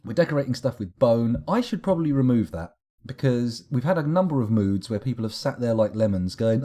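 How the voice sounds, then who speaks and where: A man's voice: mid-range voice, lively intonation, a little fast, few pauses, mellow. A young man streaming a game live, rambling through wry, self-correcting musings as he plays.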